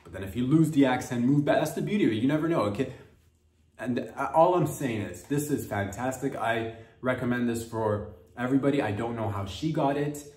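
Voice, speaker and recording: A man's voice: medium pitch, brisk, a little mellow, far from the mic. A man hosting a comedy podcast, delivering a playful, rambling monologue and slipping into mock accents. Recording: roomy sound from off-mic.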